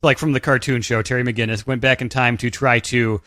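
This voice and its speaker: Male co-host, mid pitch, easygoing banter, dry close mic. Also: fairly quick, no echo. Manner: relaxed, chiming in with jokes. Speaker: podcast co-host. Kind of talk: casual chat.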